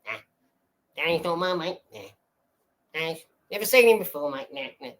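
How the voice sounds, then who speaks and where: An evasive older man mumbling quick, dismissive denials, as a streamer mimics him. He brushes everything off and backs away. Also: on the high side, expressive, fairly bright tone, pitched below the performer's own voice.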